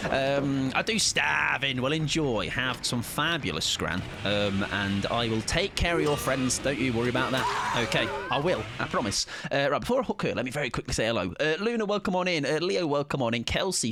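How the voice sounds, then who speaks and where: There's a noisy background behind this man's mid-range voice. Casually commentating on a live-streamed game, he greets viewers and stays chatty and playful, with jokey asides.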